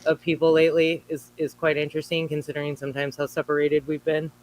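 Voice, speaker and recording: Reflective man, slightly high voice. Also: monotone, quick pace, darkish tone, poor audio. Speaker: panel guest. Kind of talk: casual chat.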